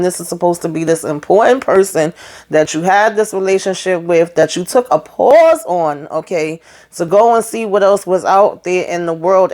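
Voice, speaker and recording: A woman breaks down a drama episode for her viewers in a loose, conversational recap. Her voice sits a little low, and she sounds chatty and fed up with the characters, slipping into slang as she goes. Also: darkish tone. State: headache. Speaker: TV recap host. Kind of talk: casual show recap.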